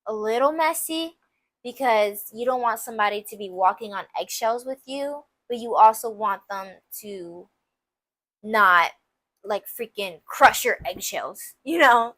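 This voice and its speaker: A woman's voice: fairly high pitch, a bit bright, no room sound. A young woman hosting a casual advice podcast, candid and emphatic, full of "like" and playful asides. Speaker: podcast host.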